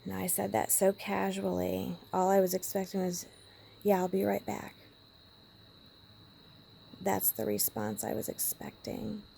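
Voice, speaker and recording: Gravelly-voiced woman telling a personal story. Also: mid-range voice, a little slow, long pauses, a little hiss or hum. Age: adult parent. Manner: emotional, drops to a hushed whisper at times. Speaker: vlogger.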